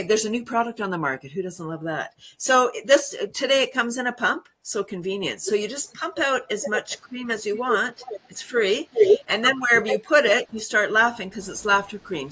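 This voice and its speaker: A woman's voice: a little high, bright, forceful tone, poor audio. A woman guest on a video call, playful and leading the others in a laughter game. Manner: playful, leads a laughter exercise.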